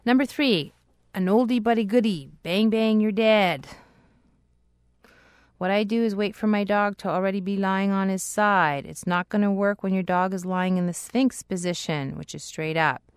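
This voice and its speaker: A woman dog trainer explaining tricks step by step in an upbeat instructional talk, now and then breaking into a high sing-song praise voice. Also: steady tone, moderate pace, clear, resonant tone, no echo, clean studio sound.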